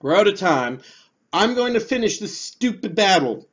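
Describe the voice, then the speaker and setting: A man doing let's play commentary who gets frustrated, swears and yells at the game. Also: high-pitched, sing-song, moderate pace, breathy edge, highs cut off. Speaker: gameplay commentator. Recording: game music behind the voice.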